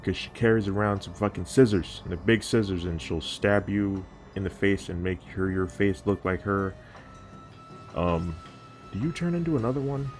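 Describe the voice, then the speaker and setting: Man, very low voice, rambling casual commentary, swears, faint music behind. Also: animated, normal speed. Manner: rambling, casual, profane, self-interrupting. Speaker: youtuber.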